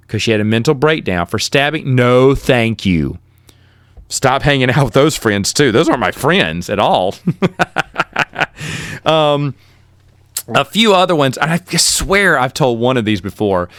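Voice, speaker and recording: A middle-aged man, host of his own podcast, casually telling rambling, self-deprecating stories and jumping up high in pitch when he quotes himself. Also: a little slow, pauses often, clear, resonant tone, no echo, clean studio sound. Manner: animated, with sudden jumps in pitch when quoting himself. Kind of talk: casual storytelling.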